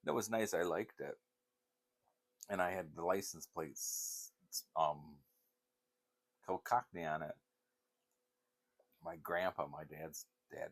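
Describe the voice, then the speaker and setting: A man's voice: sits low, unhurried, long pauses. An older man vlogging in a casual, rambling chat, wandering from one story to the next.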